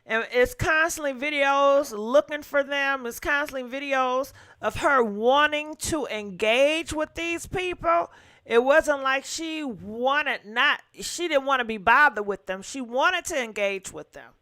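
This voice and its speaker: A woman's voice: sits high, a little slow, sharp tone, no echo. A woman hosting a call-in talk show, speaking firmly and conversationally.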